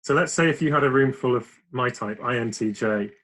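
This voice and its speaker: A man's voice: mid-range voice, brisk, a bit bright, rough recording. A man hosting an interview, asking friendly, joking and somewhat rambling questions. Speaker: host, charity board member. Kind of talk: interview host.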